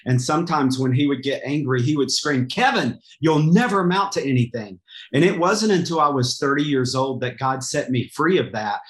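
A man hosting a faith podcast, earnest and affirming, often answering with quick amens. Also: medium pitch, a bit bright. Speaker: podcast host. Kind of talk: casual faith podcast chat.

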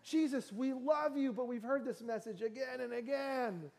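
Brief: high whiny pleading disciple men, as a preacher acts them out. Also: male voice, moderate pace, vocal fry, a little mellow. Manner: whiny, begging. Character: pleading impatient male disciples.

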